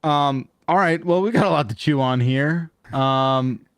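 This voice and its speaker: A man hosting a podcast in casual banter. His voice sits a little high, and he sounds wry as he steers the talk. The mic sound is dry and close. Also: unhurried, clean tone, no echo. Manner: wry, calls people buddy, steers the segment. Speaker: podcast host.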